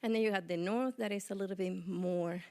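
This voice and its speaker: A woman's voice: mid-range voice, a little fast, mellow, clear, resonant tone. A woman from Puerto Rico with a Puerto Rican accent, asking a panel a question in an informal way and searching for words. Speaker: audience member asking a question.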